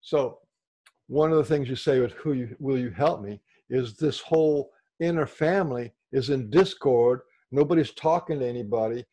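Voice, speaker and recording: A man's voice: mid-range voice, moderate pace, mellow. Male workshop speaker, explains things, keeps checking in with the group. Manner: explanatory, checks in with listeners often. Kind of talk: group discussion talk.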